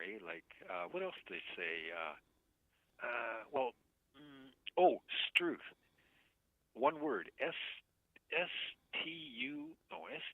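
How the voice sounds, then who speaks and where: A man calling in to a late-night show, chatting casually and rambling, often chuckling and trailing off softly. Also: mid-range voice, gravelly, no room sound. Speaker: caller. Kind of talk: casual call-in chat. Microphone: phone. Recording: tinny phone line.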